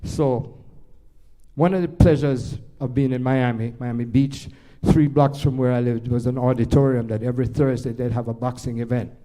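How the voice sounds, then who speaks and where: An older man with a Jamaican accent, a jazz pianist, tells rambling stories onstage to a live audience. His voice is medium-pitched at a moderate pace, and his animated anecdotes keep restarting.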